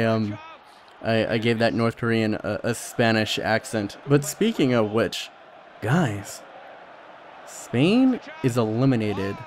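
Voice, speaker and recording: A man's voice: medium pitch, a little hiss or hum. A young man hosting his gaming channel, talking casually over football gameplay, rambling with lots of fillers and restarts.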